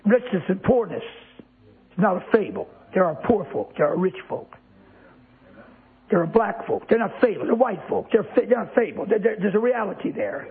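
A high-pitched man preaches at normal speed, emphatic and repetitive for stress, constantly asking the congregation rhetorical questions. The audio is tinny and lo-fi, like a phone.

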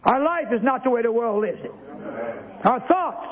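Guy preaching a sermon, high voice, keeps repeating himself n asking do you hear it, sounds like a tinny phone recording. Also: quick pace. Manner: emphatic, repeats words, fires rhetorical questions at the congregation.

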